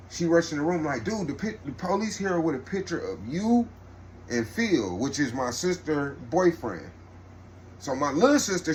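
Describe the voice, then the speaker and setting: A young adult man telling a casual storytime with street slang, rambling and animated, restarting often. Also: a little high, slight background noise.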